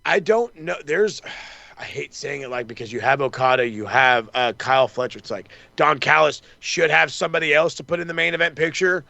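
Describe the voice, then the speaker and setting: Man, wrestling podcast co-host, gravelly, bright-edged voice, profane rambling recap, dry close mic. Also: a little high, animated, brisk, no room sound. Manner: rambling, swears a lot, acts out wrestlers' lines.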